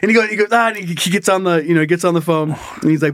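A man co-hosting a podcast, telling a story in casual chat, animated, laughing often and acting out what people said. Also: high-pitched, very fast, dry recording, clean studio sound. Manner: animated, laughing, swearing storyteller, acts out quotes. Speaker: podcast co-host.

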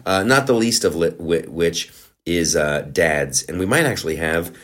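A man's voice: low-pitched, animated, moderate pace, fairly bright tone. A man hosting a podcast, delivering a profane, sarcastic comedic rant. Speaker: podcast host.

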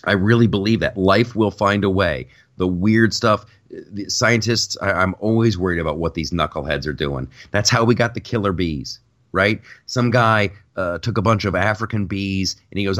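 A man's voice: low voice, normal speed, a bit bright. A man, a stand-up comedian hosting a podcast, rambling through a casual comedic rant with many restarts, short on sleep. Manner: rambling, repeats words, restarts.

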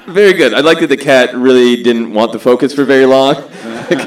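A man's voice: mid-range voice, normal speed. A tipsy man hosting a comedy podcast game, loose and teasing, laughing often. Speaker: game show host. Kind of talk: casual comedy podcast banter.

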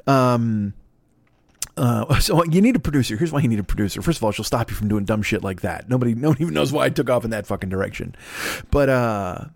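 A man's voice: medium pitch, animated, quick pace, gravelly, no room sound. An older man hosting a solo podcast, rambling through crude, self-mocking riffs into a desk mic plugged into a laptop. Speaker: podcast host. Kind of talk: profane solo podcast monologue.

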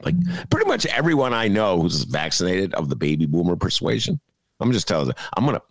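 A gravelly older man riffs on the news with big swoops in his voice, jokey and full of asides. He sounds close and dry, with no room around him. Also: low voice, fast, dry recording. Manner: jokey and animated, riffing with asides. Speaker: podcast co-host. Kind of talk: casual political commentary.

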